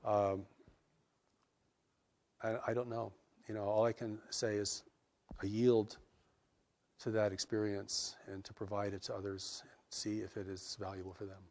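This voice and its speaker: A man with a lowish voice answers interview questions in a reflective, earnest way. He speaks measuredly and often circles back to restart a thought. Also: level tone, unhurried, long pauses, a little mellow. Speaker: interviewee describing spiritual revelations.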